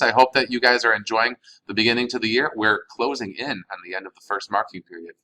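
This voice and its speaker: A man with a somewhat low voice teaches a recorded lesson. He reads each phrase slowly and then explains what it means, in a patient, steady classroom manner. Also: slight background noise, low-quality recording. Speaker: Spanish teacher.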